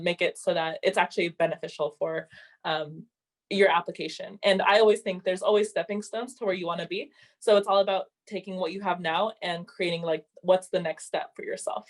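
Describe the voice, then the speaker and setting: A young woman on a student panel, giving casual advice with frequent fillers. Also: lowish voice.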